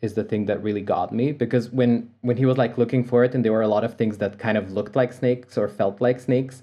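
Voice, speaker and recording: A man co-hosting a film podcast, excitable and swearing casually. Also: medium pitch, rapid-fire, highs cut off. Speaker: podcast co-host.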